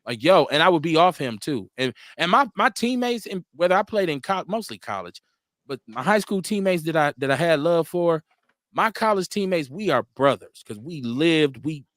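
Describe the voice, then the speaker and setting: A man's voice: a little high, big pitch swings, normal speed, a bit bright, no room sound, clean studio sound. A man hosting a casual live stream, reading viewer comments aloud and answering them frankly, often laughing and repeating himself. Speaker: live-stream show host.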